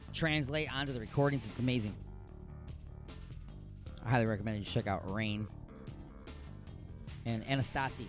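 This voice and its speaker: A man's voice: mid-range voice, a bit bright. A man hosting a comedic talk radio show, ranting in a monologue and firing off rhetorical questions, often restarting and repeating himself.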